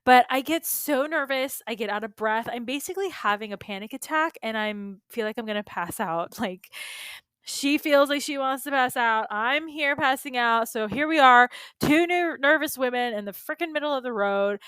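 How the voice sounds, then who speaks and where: A woman's voice: high-pitched, expressive, normal speed, a bit bright, smooth, no echo. A middle-aged woman hosting her own podcast, casually and animatedly telling a personal story with lots of fillers and asides. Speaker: podcast host and beauty business coach.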